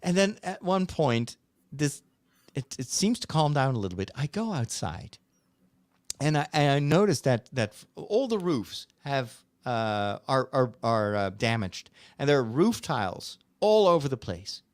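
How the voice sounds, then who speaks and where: Animated man telling a story. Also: a little high, dry recording, studio quality. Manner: animated, laughing, many restarts. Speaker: priest and host. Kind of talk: casual storytelling chat.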